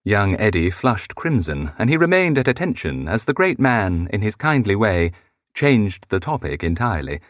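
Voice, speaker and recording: A man's voice: very animated, moderate pace, dry recording, clean studio sound. A man reading a historical novel aloud as an audiobook, shifting his voice for each character. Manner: shifts pitch to voice different characters. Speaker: audiobook narrator.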